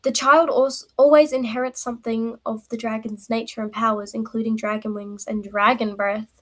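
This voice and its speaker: A woman streamer talking off the cuff to her viewers, her voice sitting a little high. She rambles, doubles back on herself and keeps things light and playful. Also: little pitch movement, moderate pace, poor audio. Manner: rambling, self-interrupting, playful. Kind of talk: casual live-stream chat.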